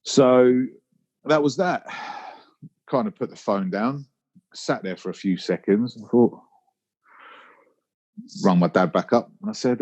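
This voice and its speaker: A man's voice: lowish voice, unhurried, long pauses, a little mellow, lo-fi sound. A man with a Cockney London accent, hosting a solo podcast and telling personal stories in a reflective way. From London, England. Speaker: podcast host. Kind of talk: casual solo podcast monologue.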